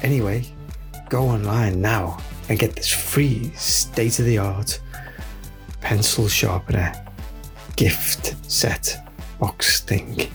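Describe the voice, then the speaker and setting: A man voicing an over-the-top male advert announcer, booming and salesy. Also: slow, gravelly, faint music behind. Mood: hammy salesy.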